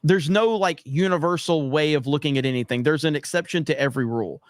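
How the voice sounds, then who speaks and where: A man hosting a livestream, reading viewer comments in an animated, blunt, profane way. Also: fairly high pitch, quick pace, no echo, clean studio sound. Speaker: livestream host.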